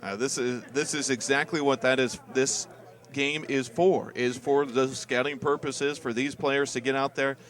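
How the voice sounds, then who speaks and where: A man giving relaxed color commentary on a football game with dry, joking asides. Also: mid-range voice, moderate pace, few pauses. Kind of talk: live sports webcast commentary.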